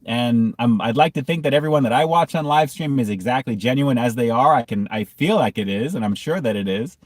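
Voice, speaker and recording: A man's voice: medium pitch, fairly quick, no room sound, clean studio sound. A man hosting a casual food review livestream, reading chat comments and often breaking into hard laughter.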